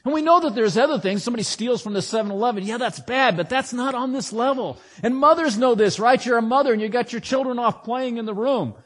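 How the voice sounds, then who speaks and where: A pastor giving a conversational sermon, asking many rhetorical questions and reading scripture aloud with dramatic emphasis. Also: male voice, extremely high pitch, fast talker, few pauses. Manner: dramatic voices for quoted scripture and stories.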